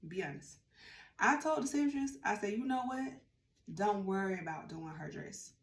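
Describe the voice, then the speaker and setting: A woman vlogger telling a casual storytime, chatty and animated, acting out what others said. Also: medium pitch, normal speed. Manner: chatty, animated, acts out quotes. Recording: roomy room with faint ambience.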